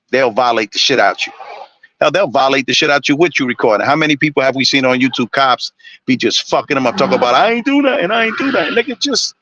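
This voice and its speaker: A man's voice: mid-range voice, a bit bright, no echo, lo-fi sound. A man ranting on a live stream, blunt and preachy, swearing constantly. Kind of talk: profane ranting monologue.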